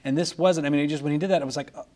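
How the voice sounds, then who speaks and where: A man's voice: a little high, fairly even intonation, rapid-fire, darkish tone. Rambling man reviewing films. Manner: rambling, enthusiastic, many restarts. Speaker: film podcast co-host. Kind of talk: casual film review chat.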